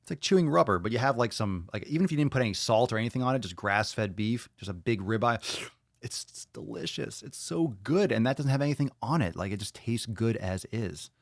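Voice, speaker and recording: A man's voice: on the low side, expressive, brisk, vocal fry, dry recording, clean studio sound. A man hosting a podcast, chatting casually and bluntly, swearing freely as he reads viewer comments aloud and reacts to them. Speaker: podcast host.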